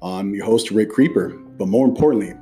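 Mellow-voiced chatty male podcast host. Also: lowish voice, fairly quick, faint music behind. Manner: chatty and effusive, with loose restarts. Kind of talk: casual podcast chat.

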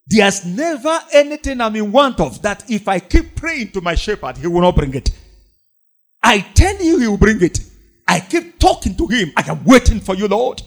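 Male preacher, high and very animated, repeats lines for emphasis and quotes scripture between sudden loud bursts. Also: moderate pace, slightly rough. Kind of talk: sermon.

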